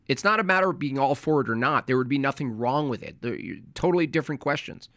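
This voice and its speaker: An American man giving sarcastic, argumentative commentary on a debate clip, speaking in rapid bursts. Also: medium pitch, lively intonation, fairly bright tone, no echo, clean studio sound. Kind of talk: casual commentary.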